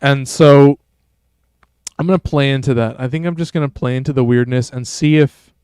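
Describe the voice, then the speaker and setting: A man's voice: medium pitch, moderate pace, a little mellow, clean tone, dry recording, studio quality. A man streaming a game, chatting casually and rambling in a laid-back, slangy way. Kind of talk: casual gameplay commentary.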